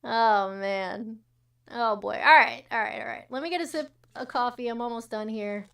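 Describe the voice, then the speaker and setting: A woman's voice: fairly high pitch, normal speed, vocal fry, a bit bright, far from the mic. A woman hosting a casual livestream, chatting with commenters and reading news with blunt, profane, sarcastic asides. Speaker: livestream host.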